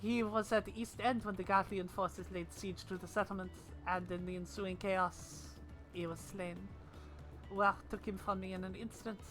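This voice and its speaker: Woman doing a gentle British goldsmith girl. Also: mid-range voice, steady tone, normal speed, soft background music, lightly acted, rough recording. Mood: solemn. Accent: put-on British. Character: polite earnest young goldsmith woman.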